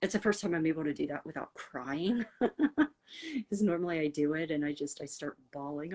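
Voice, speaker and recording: A middle-aged woman from the United States with a low voice hosts a casual livestream. She rambles warmly and earnestly, leaning on fillers as she responds to viewers' comments. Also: moderate pace. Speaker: livestream host.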